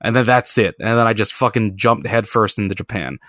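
A man's voice: lowish voice, a little fast, fairly bright tone, no echo, clean studio sound. A man hosting a podcast, telling travel stories in a rambling, profane, self-mocking way. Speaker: podcast host. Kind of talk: casual storytelling chat.

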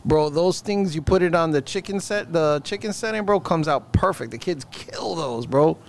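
A man with a slightly high voice gives blunt, rambling opinions in casual chat, swearing freely. Faint background noise sits under him. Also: normal speed, creaky.

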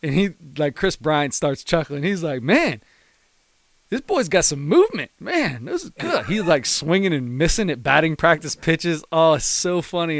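A man in a casual sports chat, telling a story in an animated way and briefly putting on high voices to quote people. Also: clean tone, no room sound.

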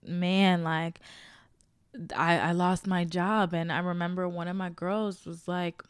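A woman's voice: on the low side, little pitch movement, slow, smooth, no room sound, clean studio sound. A young adult woman hosting a podcast, telling a personal story in a chatty, slangy way and speaking straight to her listeners. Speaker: podcast host. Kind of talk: casual motivational storytelling.

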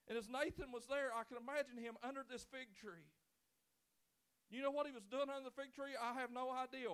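A male pastor preaching a sermon in church, swinging from loud pleading to quiet, intimate talk. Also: very high voice, fairly even intonation, a little fast, clear, resonant tone. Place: church sanctuary.

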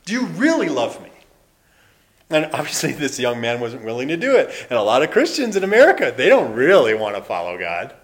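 A man in his forties preaching a sermon in a church, animated, acting out voices and laughing often. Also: mid-range voice, quick pace, hardly any pauses. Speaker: pastor. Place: church building.

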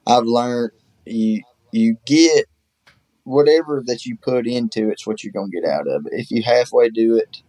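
A man's voice: mid-range voice, moderate pace, mellow, no echo, poor audio. A man, a guest telling rambling, folksy stories in casual chat, full of fillers. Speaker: guest, hunting show host.

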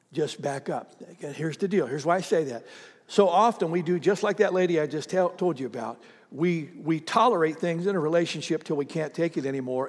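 A man preaching a sermon, telling stories with acted-out voices and calling on the congregation to respond. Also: on the high side. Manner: animated storytelling, acts out voices, asks the congregation to respond. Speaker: pastor. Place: church hall with congregation. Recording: reverberant hall.

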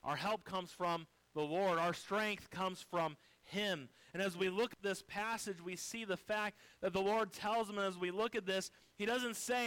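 A male pastor preaching a sermon, swinging from quiet, low passages to loud, high-pitched exhortations. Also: steady tone, measured pace, few pauses, clear, resonant tone, dry recording, rough recording.

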